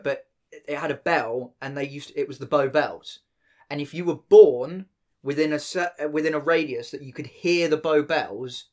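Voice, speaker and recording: An English man co-hosting a casual chat, swearing freely and rambling through explanations. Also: on the high side. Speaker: podcast co-host.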